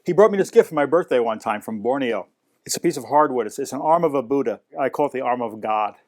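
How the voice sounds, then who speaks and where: A man telling animated anecdotes in an interview, mimicking the people he quotes. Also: medium pitch, fast. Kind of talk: storytelling interview.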